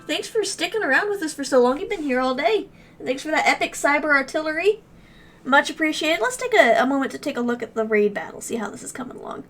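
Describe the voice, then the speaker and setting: A woman streamer chatting casually on a live stream, gushing and excitable as she reacts and thanks her chat. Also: high voice, a little fast.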